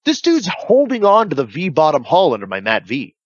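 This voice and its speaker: A man's voice: on the high side, wildly swooping pitch, a little fast, no room sound, dull audio. A man casually telling profane war stories on a podcast, acting out radio calls. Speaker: veteran guest telling stories.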